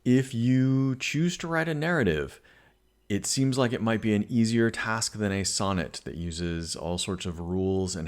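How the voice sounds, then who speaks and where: A male English teacher giving a recorded lesson, explaining patiently and reading poems aloud, with frequent fillers. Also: sits low.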